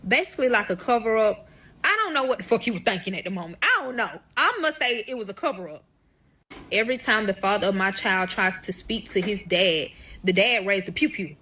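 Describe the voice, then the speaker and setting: A woman's voice: medium pitch, animated, a little fast, sharp tone. A young woman telling a story to camera in a casual storytime style, swearing often and calling her viewers y'all. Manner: profane, addresses viewers as y'all.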